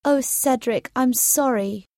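A woman voicing a frightened young woman who speaks softly and pleadingly in a raised pitch in a storybook reading. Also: slow pace, dry recording, clean studio sound. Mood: anxious.

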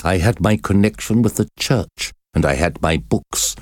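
A man reading a story voices a tormented, obsessive middle-aged priest, confessing slowly in agony. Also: low-pitched, animated, no room sound, clean studio sound. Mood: desperate. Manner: slow agonized confession.

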